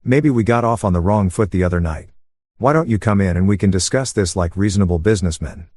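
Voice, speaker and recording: Casting: narrator doing a frantic condescending banker, low voice, dry. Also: male voice, fast talker, a little mellow, dry recording. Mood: wheedling. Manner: panicked, pleading. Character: panicking condescending male banker.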